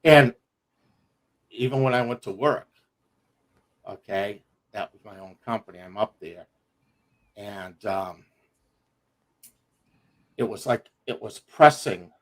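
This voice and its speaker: Man, middle-aged, casual livestream storytelling, animated, profane. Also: on the low side, slow pace, pauses often. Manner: animated, profane, laughs through his story. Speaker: livestream guest telling a personal story.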